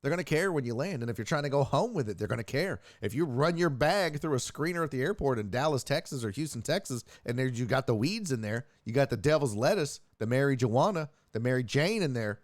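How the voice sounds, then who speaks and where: A man's voice: medium pitch, expressive, a little fast, hardly any pauses, no echo, clean studio sound. Profane, joking male sports host. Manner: profane, joking, reacting to chat. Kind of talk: casual streamed sports talk.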